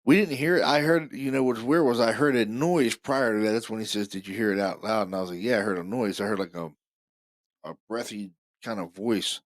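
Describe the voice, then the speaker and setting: A man's voice: lowish voice, fairly quick, dry recording, clean studio sound. A man hosting a podcast, talking casually and eagerly about recorded evidence, repeating himself often. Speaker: podcast host.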